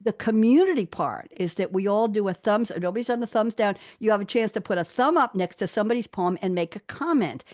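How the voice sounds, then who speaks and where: A woman's voice: medium pitch, animated, a little fast, few pauses, darkish tone, no echo, clean studio sound. A woman guest on an interview show, chatting cheerfully, laughing often and reading her own poems aloud. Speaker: guest poet.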